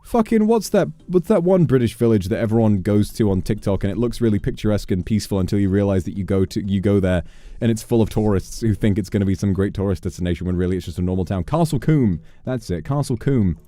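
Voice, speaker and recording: A man's voice: on the low side, lively intonation, quick pace, warm tone. A young man chatting on a gaming livestream, rambling into mock-exasperated rants with plenty of swearing. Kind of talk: casual livestream chat while gaming.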